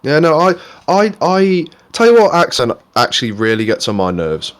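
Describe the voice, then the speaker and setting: A man's voice: on the high side, very animated, normal speed. Rambling, swearing young English man. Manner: rambling, swears freely, restarts often. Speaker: podcast co-host. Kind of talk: casual chat.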